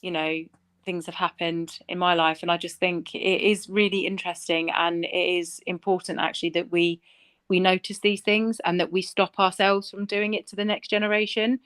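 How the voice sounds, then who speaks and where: Smooth-voiced low woman on a podcast. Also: level tone, moderate pace, a bit bright. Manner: reflective, earnest, agreeing. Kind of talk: casual podcast chat.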